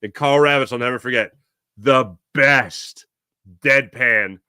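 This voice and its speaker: A male sports talk host talks in a loose, rambling way and jokes as he reads out viewer comments. His voice is bright and forceful. The sound is dry and close, with no room around it. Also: medium pitch, slow pace, clear, resonant tone, dry recording. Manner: animated, rambling, jokey. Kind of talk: casual sports talk, reading chat comments.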